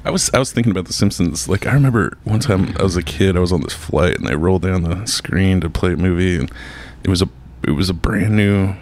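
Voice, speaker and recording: A man hosting a comedic podcast, talking with a deadpan delivery and reading mock ads. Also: low voice, fast. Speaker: podcast host. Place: podcast studio.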